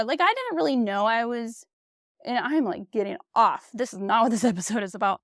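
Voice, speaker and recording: A woman's voice: fairly high pitch, animated, fairly quick, no room sound. A woman in her thirties hosting her own podcast, talking in a candid, blunt way, swearing freely and filling her talk with "like" and "you know", recorded on a close mic. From United States. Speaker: podcast host. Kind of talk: casual solo podcast monologue.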